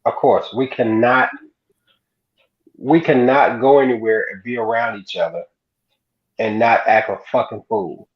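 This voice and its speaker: A man's voice: medium pitch, measured pace, pauses often. A man co-hosting a casual uncensored chat, swearing a lot and asking "you know what I'm saying" again and again. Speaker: podcast co-host. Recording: dull lo-fi sound.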